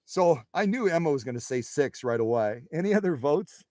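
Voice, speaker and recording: A man's voice: fairly high pitch, animated, fairly quick, hardly any pauses, a little mellow, dry recording, clean studio sound. A man hosting a live sewing machine demonstration, chatting with viewers in a folksy, instructive way.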